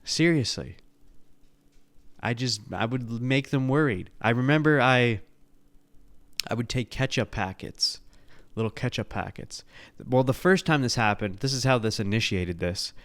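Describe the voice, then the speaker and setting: Animated, swearing man telling stories. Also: medium pitch, unhurried, no echo. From the Bronx, New York. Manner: animated, profane, laughing at his own stories. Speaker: podcast host. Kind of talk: casual storytelling.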